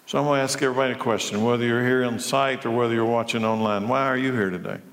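A man's voice: mid-range voice, fairly even intonation, racing, long reverb tail. A man preaching a sermon to a live church audience, firing off rhetorical questions and building to raised, emphatic passages. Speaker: pastor.

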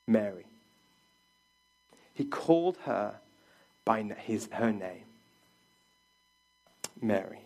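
A man preaching a sermon as a pastor, earnest, sometimes dropping to a hush for quoted words. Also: medium pitch.

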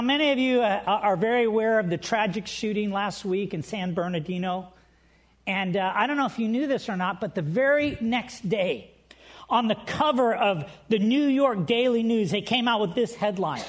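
High-voiced pastor preaching conversationally. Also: male voice. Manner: conversational, self-deprecating, with frequent restarts. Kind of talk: sermon.

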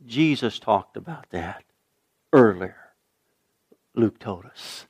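An older man preaching a sermon, earnest, swinging from loud emphasis to hushed asides. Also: lowish voice, expressive, slow pace, husky. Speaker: pastor.

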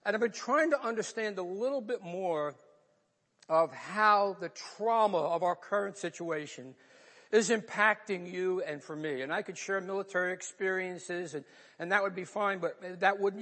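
The long reverb of a large hall surrounds this sermon in a church sanctuary. The preacher, an older man with a New York accent, speaks at a normal speed in a high, slightly bright voice, sharing a personal story with earnest emotion.

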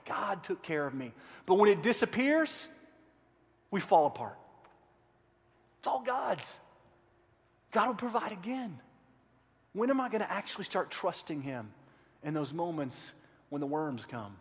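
A man preaching a sermon as pastor, impassioned, swinging between quiet stretches and loud emphatic bursts. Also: high voice, animated, normal speed, long pauses, long reverb tail.

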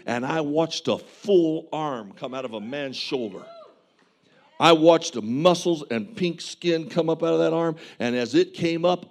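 A man delivers a sermon, his voice sitting a little higher than most men's. He tells a vivid testimony with plain, earnest conviction and preaches with passion. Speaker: pastor.

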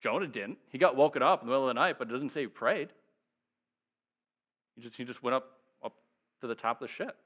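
A man preaching a sermon, reading scripture and acting out its characters with lively shifts in voice, then dropping soft and low to reflect. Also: quick pace, long pauses, dull audio. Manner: animated, acts out the voices of the sailors and Jonah. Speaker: pastor. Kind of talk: sermon teaching.

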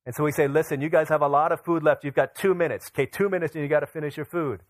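A man's voice: fairly high pitch, steady tone, rapid-fire, no room sound. A young man pastor preaching a sermon, telling a family story and acting out his children's voices.

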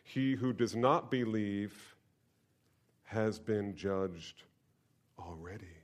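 A man preaching a sermon to his congregation, swinging between loud emphatic bursts and hushed near-whispers and leading them in call-and-response. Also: fairly low pitch, extremely slow. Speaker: pastor. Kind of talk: expository sermon.

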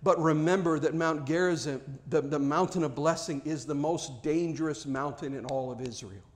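A man's voice: on the high side, moderate pace. A man preaching a sermon as pastor of his church, earnest and emphatic, often restarting words as he builds to a point.

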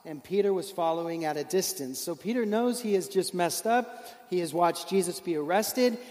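A man's voice: sits high, lively intonation, moderate pace, a little mellow, big-room sound. A man preaching a sermon, telling a story earnestly and building with emotion through rhetorical questions.

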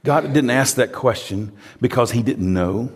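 A man preaching a sermon as pastor, dropping to hushed tones and then building to loud, emphatic, repeated phrases. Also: medium pitch, a little slow, slightly rough.

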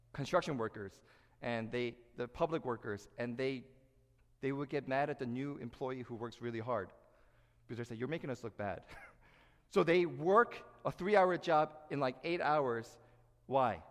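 A man preaching a sermon, animated and lively, acting out quoted voices as he teaches. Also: medium pitch. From United States. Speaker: pastor. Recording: echoey hall reverb.

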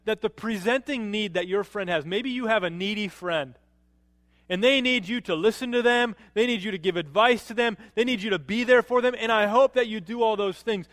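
A man preaching a sermon as a pastor, animated, rising to emphatic peaks and dropping low to quote. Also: fairly quick, dry recording, studio quality, big-room sound.

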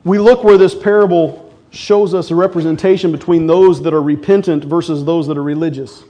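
A man's voice: on the high side, steady tone, brisk, dark tone. A middle-aged man preaching a sermon as pastor, talking conversationally, cracking jokes and acting out quotes.

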